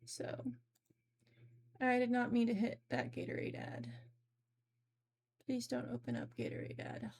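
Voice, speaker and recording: A woman's voice: on the high side, sing-song, unhurried, long pauses, darkish tone, slightly rough. A young adult woman streaming games, chatting casually and rambling, with frequent laughs. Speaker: game streamer. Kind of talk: casual live-stream chat.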